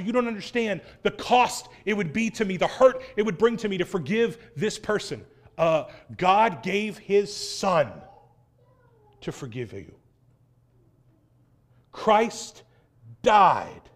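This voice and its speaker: A man with a high voice preaches a sermon to his church. He is earnest and sways between loud, pressed stresses and hushed, low phrases. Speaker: pastor.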